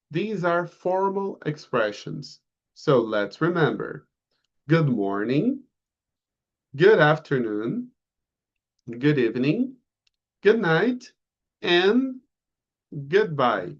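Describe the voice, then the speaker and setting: A man with a fairly high voice leads a beginner lesson at a very slow pace. He stretches out greetings so learners can copy them, his pitch bouncing up and down. The audio is a little muffled. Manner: slow, drawn-out model phrases for repetition. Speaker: English teacher. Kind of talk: online English lesson.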